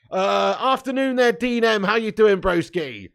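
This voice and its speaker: A man from England hosting a live football watch-along, chatting with viewers, joking, swearing and laughing, with sudden loud outbursts. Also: high voice, animated, unhurried, creaky, few pauses, clear, resonant tone. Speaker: football fan channel host.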